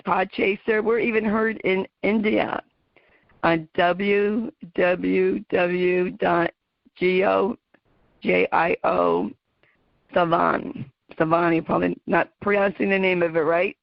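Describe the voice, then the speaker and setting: A woman's voice: mid-range voice, level tone, takes it slowly, vocal fry, no echo. A middle-aged American woman hosting her own radio show, talking to her listeners in a heartfelt, emotional way and laughing often. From United States. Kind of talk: personal talk to listeners. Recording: muffled dry home recording.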